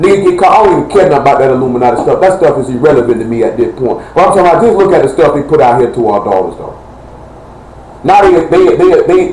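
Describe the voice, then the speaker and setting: Fired up preacher guy, kinda high voice, rambles blunt and loud-ish, roomy echo. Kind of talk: fiery live-streamed sermon. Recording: echoey room with faint noise.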